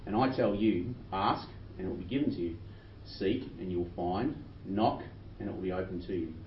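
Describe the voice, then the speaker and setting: Male pastor preaching in a roomy hall. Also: deep voice. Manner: earnest, reads scripture slowly with rising emphasis. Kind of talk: sermon with scripture reading. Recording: roomy distant dull recording with faint noise.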